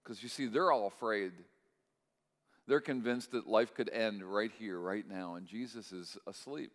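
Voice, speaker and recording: A male pastor preaching a sermon, telling a story and checking in with the congregation, moving between hushed moments and impassioned, louder stretches. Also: fairly low pitch, a little slow. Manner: swings from hushed to loud, impassioned. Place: church sanctuary. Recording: long reverb of a large hall.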